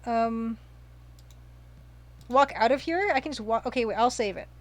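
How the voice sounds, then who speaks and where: A woman's voice: a little high, normal speed. Chatty woman streaming a retro game. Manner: chatty, reads viewer comments aloud and gushes over pixel art. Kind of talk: casual live-stream commentary.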